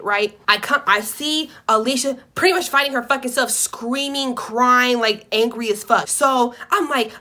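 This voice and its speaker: A young woman with telling a storytime in a casual, profane, animated way, acting out the quotes. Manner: animated, profane, acts out quotes with big pitch jumps. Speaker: vlogger.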